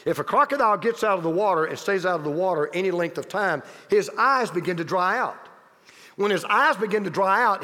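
A man's voice: high voice, bright, forceful tone, in a large hall. A man preaching a sermon as pastor, emphatic and repetitive, with casual asides to the congregation.

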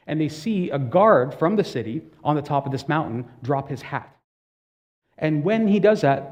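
A man's voice: on the high side, darkish tone. A man preaching a sermon in a conversational way, asking the congregation direct questions and telling stories with casual asides. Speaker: pastor.

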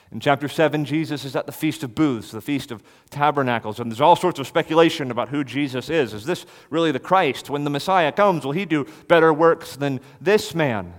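A man preaching an expository sermon, swinging from loud declaration to hushed near-whisper. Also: medium pitch, big-room sound.

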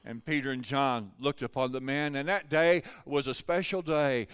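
An older male pastor tells a story from the pulpit in a folksy, conversational way. His voice is smooth and resonant, sitting at an ordinary middle pitch for a man. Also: steady tone, moderate pace, few pauses, fairly bright tone. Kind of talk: storytelling sermon.

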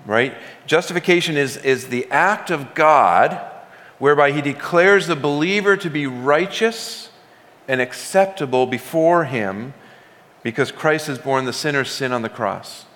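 A man's voice: fairly high pitch, measured pace, fairly bright tone. A man preaching a sermon as pastor, talking conversationally and building emphasis as he retells a scripture story in his own words. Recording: long hall reverb.

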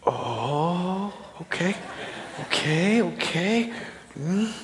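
A middle-aged man preaching a sermon, animated and humorous, swinging from loud high exclamations to quiet, low emphasis. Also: drawn-out words, noisy background. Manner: humorous, laughing at own stories. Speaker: pastor.

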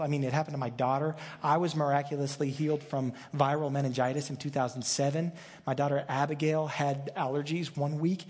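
A pastor preaches in a loose, chatty way, restarting his sentences and slipping in jokes. His mid-pitched voice carries a long reverb from the church sanctuary around him. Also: fairly even intonation, moderate pace, a little mellow. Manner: conversational and joking, with frequent restarts. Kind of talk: sermon.

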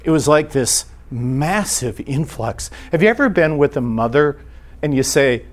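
A man teaching a church class in an earnest, halting way, restarting his sentences often. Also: fairly high pitch, animated.

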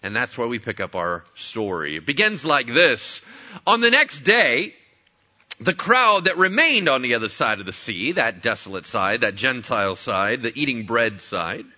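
A man's voice: mid-range voice, sharp tone, dull audio. A man preaching a sermon as pastor, conversational, with rhetorical questions and playful asides.

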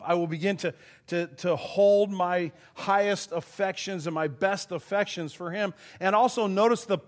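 Earnest emotional man preaching. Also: a little high. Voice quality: voice goes thin and quiet when choked up. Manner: earnest, emotional, given to laughing and choking up. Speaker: pastor. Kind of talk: sermon.

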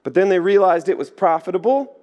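A man preaching a sermon, telling stories in a lively way and acting out the voices in them. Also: high-pitched, a little fast, dull audio. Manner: lively storytelling, acts out voices. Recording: echoey hall.

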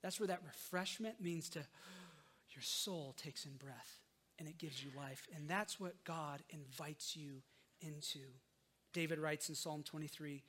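A pastor delivers an earnest sermon in a notably high voice for a man. He presses his points with emphasis, then sinks into soft, unhurried pauses. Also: slightly rough.

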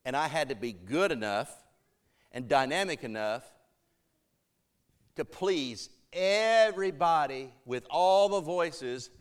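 Man preaching with lively quoted voices. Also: fairly high pitch, clean tone. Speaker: pastor. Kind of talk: sermon.

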